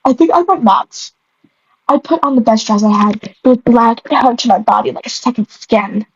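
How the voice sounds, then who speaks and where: A woman's voice: fairly high pitch, fairly quick, slightly rough. A young woman reading her old story aloud and tripping over the words. She keeps stopping to mock her own writing. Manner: stumbling, self-mocking, breaks into giggles. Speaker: creator rereading her old stories. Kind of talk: reading aloud with comic asides. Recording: dull lo-fi, dry.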